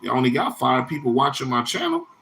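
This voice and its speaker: A man chatting on his own livestream, talking straight to viewers and reading out their comments. His speech is loose and slangy, swearing freely and wandering from point to point. His voice sits at an ordinary middle pitch for a man. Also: wildly swooping pitch, fast, creaky, fairly bright tone, slight background noise. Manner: rambling, profane, slangy, answers chat comments by name. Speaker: livestream host. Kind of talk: casual livestream chat with viewers.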